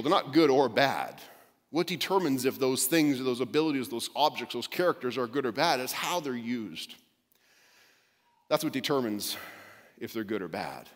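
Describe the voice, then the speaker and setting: Lively preacher guy, voice jumping all over, big echoey hall. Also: medium pitch. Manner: animated, emphatic, repeats words on restarts. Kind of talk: sermon.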